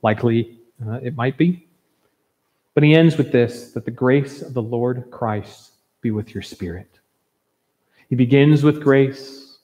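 A man preaching a sermon as pastor, earnest and emphatic, with warm conversational asides. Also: medium pitch, unhurried, pauses often, big-room sound. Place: church sanctuary.

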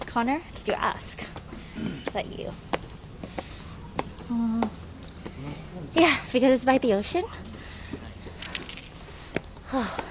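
This travel livestreamer, a woman with a fairly high voice, is out of breath as she climbs outdoor stairs and talks through a face mask. Chatting casually, she reads the chat aloud, greets viewers by name and teases herself, while outdoor background noise runs under the stream.

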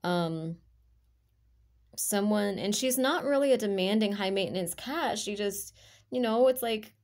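A woman giving an intuitive tarot reading to her viewers, talking in a rambling, heartfelt way with many halting restarts. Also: mid-range voice, a little mellow. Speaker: tarot reader.

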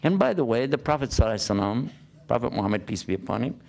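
A man's voice: medium pitch, lively intonation, very fast, creaky, a little mellow. A man giving a conversational sermon, asking his listeners rhetorical questions as he preaches. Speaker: Islamic preacher.

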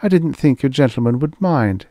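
A man voicing a sweet, naive young society wife with a soft, tinkling voice in an audiobook. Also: rumbling low, animated, moderate pace, no room sound, studio quality, voice pushed up. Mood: innocent, wide-eyed. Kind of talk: audiobook character voice.

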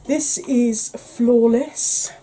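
A woman hosting a beauty channel chats casually and rambles while decluttering her makeup, adding self-deprecating asides in a soft, quiet delivery. Her voice is on the high side with a steady tone and an extremely slow pace. The poor audio has a little hiss or hum.

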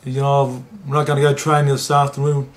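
A man's voice: mid-range voice, monotone, fairly quick. Plain-spoken New man telling a story. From New Zealand. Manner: plain-spoken, swears freely, acts out dialogue. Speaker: former rugby league player. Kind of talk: interview storytelling.

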